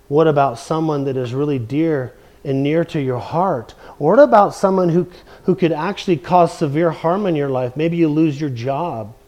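A man preaching an expository sermon, emphatic, slowing down and stretching key words and repeating phrases for weight. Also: on the high side, darkish tone.

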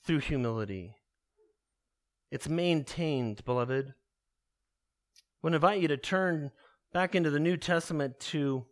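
A male pastor preaching a sermon, slowing down to stress key words and calling his listeners beloved. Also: a little high.

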